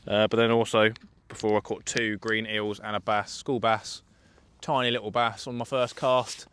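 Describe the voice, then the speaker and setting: This is casual live fishing commentary from a young English man on a riverbank, joking and replying to viewers' questions. His voice sits on the low side with little pitch movement, at normal speed and a bit bright, with a little hiss or hum in the recording.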